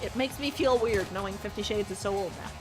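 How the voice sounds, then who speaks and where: A woman's voice: medium pitch, brisk. A woman commentating on a live gaming stream in a jokey, self-deprecating way. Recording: game music behind.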